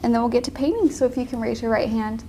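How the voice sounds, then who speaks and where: A woman in her thirties talks through a painting lesson in a relaxed, chatty way. Her voice has a gravelly edge. A faint hiss sits under the recording. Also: fairly high pitch, quick pace. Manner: chatty, laughs easily. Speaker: painting instructor. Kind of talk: casual tutorial.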